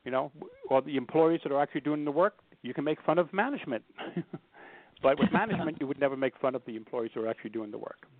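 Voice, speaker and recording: A man's voice: mid-range voice, fast talker, no room sound. Storytelling man on a tinny phone line. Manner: animated storyteller acting out quoted voices. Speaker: guest humor speaker. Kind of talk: telling stories in a radio interview.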